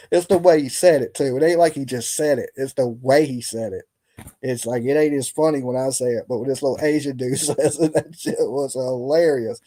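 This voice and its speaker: A man hosts a casual live stream late at night, tired and loose. He chats in colloquial speech and breaks into easy laughs. His voice is dark and mellow at a middling pitch. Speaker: livestream host.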